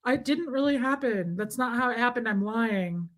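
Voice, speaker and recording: A woman's voice: on the high side, expressive, normal speed. A young woman hosting a casual livestream, telling a rambling, joking story and swearing freely. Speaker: livestream host. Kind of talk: casual streaming chat.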